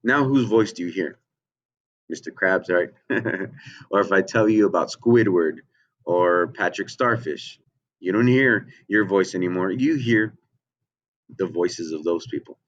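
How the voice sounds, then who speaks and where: Low-pitched male teacher talking kids through a lesson, lots of ums and "okay?", muffled lo-fi sound. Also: a little slow. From United States. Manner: checks in with frequent "okay?" and "right?", many ums. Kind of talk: lesson for children. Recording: dull lo-fi audio.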